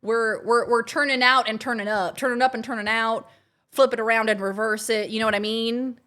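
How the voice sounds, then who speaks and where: Woman streamer, upbeat and chatty, slightly high voice, casual livestream talk with chat. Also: steady tone, a little fast, sharp tone. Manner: bubbly, chatty, reacting to chat. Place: home, kitchen.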